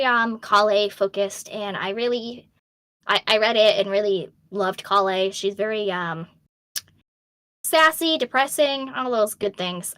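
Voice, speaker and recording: With a slight Boston accent, a young woman who does voice acting answers fans candidly on a casual Q&A stream, reading each question out and peppering replies with ums and laughs. Her slightly high voice is pushed and bright, with no echo.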